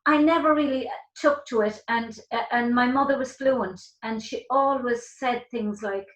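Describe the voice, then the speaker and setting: A woman's voice: on the high side, unhurried, muffled recording. Older Irish woman, talk-show host, rambling casual delivery, roomy echo. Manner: rambling, many restarts. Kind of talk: casual interview chat.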